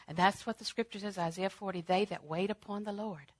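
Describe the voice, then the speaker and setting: Delivering a sermon at a quick pace with few pauses, this woman alternates loud emphatic declarations with hushed, near-whispered lines and repeats phrases for emphasis. Her voice is medium in pitch with a steady tone, recorded without echo.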